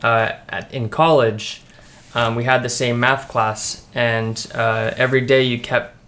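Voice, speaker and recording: A young man from the United States, a guest in a casual chat with a friend. He talks in a relaxed way with a mid-range voice, though he hesitates often and restarts his sentences. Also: medium pitch, measured pace. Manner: hesitant, many ums and restarts.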